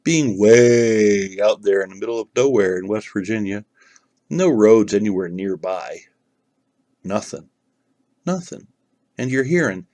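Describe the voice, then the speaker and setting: A man's voice: fairly low pitch, fairly even intonation, a little slow, warm tone, no echo. A man telling a personal story to the camera in a casual, rambling way, full of fillers and restarts.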